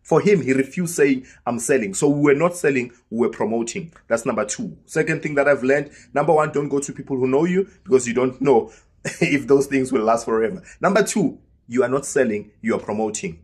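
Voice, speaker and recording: Husky South African male storyteller, casual and lively, voices the other people in his tale. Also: mid-range voice, fairly quick. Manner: lively storyteller who acts out quoted dialogue. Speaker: vlogger.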